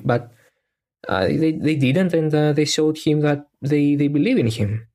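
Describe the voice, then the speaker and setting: Host talking in halting restarts. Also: mid-range voice, warm tone. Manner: hesitant, many restarts and fillers. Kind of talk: casual chat.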